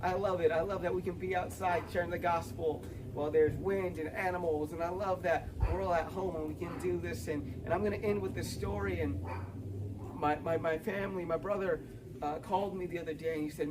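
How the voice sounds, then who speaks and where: A man's voice: sits high, fairly even intonation, brisk. A young man preaching a sermon outdoors, earnest and building to fervent emphasis. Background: dog barking, wind.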